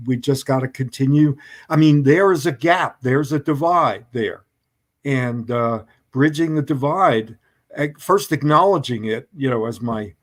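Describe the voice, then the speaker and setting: A man speaking as a guest in a discussion, who talks haltingly with many hesitations and restarts. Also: medium pitch. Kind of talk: conversational debate.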